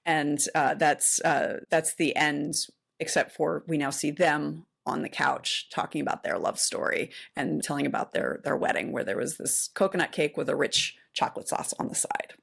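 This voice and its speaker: A woman in her forties with a low voice and a gravelly fry talks casually as a podcast co-host. She recaps a movie in loose, animated retelling, full of "like" and "uh" and restarted phrases. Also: moderate pace. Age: 40s. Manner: animated retelling with many fillers. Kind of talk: casual chat.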